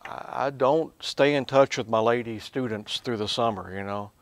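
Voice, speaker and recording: A man teaching scripture like a professor in front of a class, his voice pitched in the middle range. He drops to soft, quiet asides and then climbs into loud, emphatic bursts. The room sounds dry and close. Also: normal speed, no room sound. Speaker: Bible professor teaching a lesson. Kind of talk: lively classroom Bible teaching.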